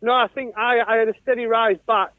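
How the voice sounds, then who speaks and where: A man's voice: very high voice, fairly even intonation, brisk, no room sound. A man with a Northern English accent, chatting as a podcast guest, laughing easily and often restarting his sentences. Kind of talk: casual chat. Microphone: phone or call line. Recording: tinny phone-line call.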